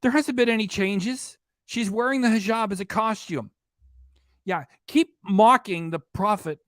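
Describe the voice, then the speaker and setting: A man delivers scornful, sarcastic commentary while reacting to a livestream, swearing freely. His voice sits a little high for a man. The recording is dry and close, with no room sound. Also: measured pace, fairly bright tone, dry recording. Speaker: reaction channel host. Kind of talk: mocking commentary over a livestream.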